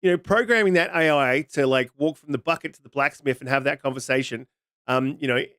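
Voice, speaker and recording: A man's voice: medium pitch, quick pace, a bit bright, no room sound, studio quality. A man co-hosting a gaming podcast, rambling and sarcastic, full of "like"s and jokes. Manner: joking, sarcastic, rambling with lots of likes. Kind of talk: casual podcast chat.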